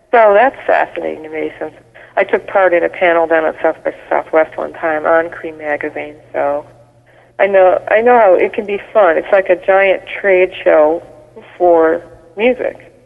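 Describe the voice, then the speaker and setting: A man's voice: on the high side, gravelly. A man chatting as a guest on a radio show, explaining at length. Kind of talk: casual phone interview. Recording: tinny phone line with reverb.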